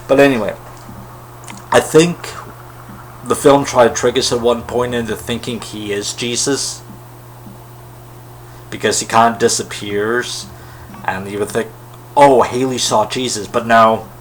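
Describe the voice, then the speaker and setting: A man's voice: mid-range voice, fairly bright tone, slight background noise, poor audio. A man giving a casual, rambling film review in a wry, critical way. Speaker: movie reviewer.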